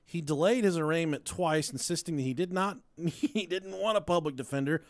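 Brief: a high-voiced man casually narrating a true-crime case, dry close sound. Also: moderate pace, dry recording. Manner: casual, profane, laughs while narrating. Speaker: podcast co-host.

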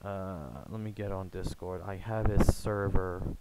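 A young American man chatting casually in a rambling, halting way, full of fillers and restarts. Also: sits low, fairly even intonation, very noisy. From United States. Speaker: gaming YouTuber. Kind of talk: casual rambling vlog chat.

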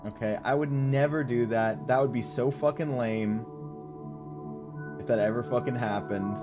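A man's voice: medium pitch, moderate pace, music in the background. A man streaming live, chatting to his viewers in a joking, profane way while testing a voice changer. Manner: joking, profane, addresses chat directly. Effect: voice changer being tested. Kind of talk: casual livestream chat.

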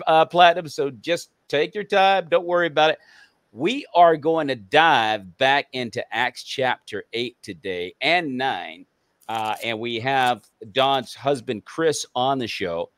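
A man hosts an online talk show in an upbeat, friendly way. His voice sits at an ordinary middle pitch. The sound is dry and close, and he often repeats words as he restarts his sentences. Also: fairly bright tone, dry recording. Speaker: host.

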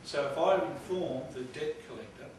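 A man's voice: a little high, moderate pace, a little mellow. A man in a live audience asking casual questions. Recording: echoey hall from far off, faint noise.

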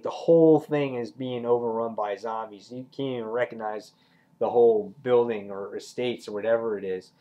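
A man's voice: medium pitch, a little mellow. A young man giving a casual, rambling comic book review, swearing freely.

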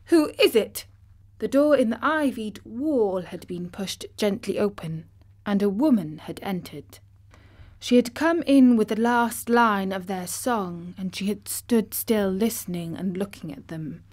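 Woman audiobook narrator, gentle storybook reading, unhurried. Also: medium pitch, animated.

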